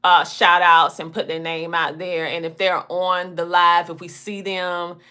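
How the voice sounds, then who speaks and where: Southern lady with a twang, bright voice, just chatting to her viewers like a podcast host. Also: on the low side, level tone, measured pace, clear, resonant tone. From small country town in the US South. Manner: chatty storytelling, down-home phrasing. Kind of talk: casual chat.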